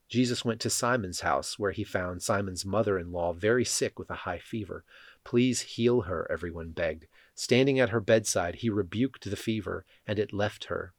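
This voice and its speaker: Guy reading scripture slow and solemn, lowish voice, dry close sound. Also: dry recording. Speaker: scripture reader.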